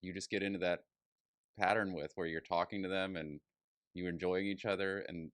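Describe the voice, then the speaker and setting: A man hosting a podcast, chatting in a relaxed, agreeable way. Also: low-pitched, moderate pace, smooth, no echo. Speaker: podcast host. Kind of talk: casual chat.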